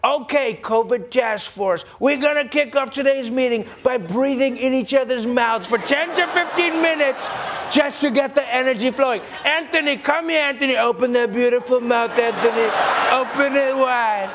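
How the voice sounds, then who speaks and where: A man doing a comic impression of a pushy older politician, coaxing and drawn-out. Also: extremely high pitch, noisy background, voice pushed up.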